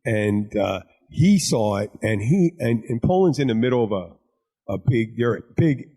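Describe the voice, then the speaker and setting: A man's voice: mid-range voice, lively intonation, a little slow, warm tone. Bartender guy hosting a podcast, rambly, crude jokes, lots of restarts. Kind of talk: casual chat.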